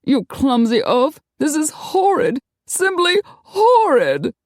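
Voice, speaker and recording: A woman's voice: high voice, huge pitch swings, slow, darkish tone, dry recording, studio quality, voice pushed up, heavily acted. A woman voicing a snooty, aristocratic female vampire in an audiobook, with a prim, affected, haughty way of talking. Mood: shrill outrage. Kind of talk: audiobook character voice.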